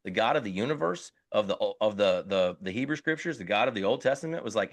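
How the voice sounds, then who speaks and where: A man's voice: fairly low pitch, animated, fast, hardly any pauses, dry recording. A middle-aged man co-hosting a podcast, talking earnestly and often restarting while he searches for words. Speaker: podcast co-host. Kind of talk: casual podcast conversation.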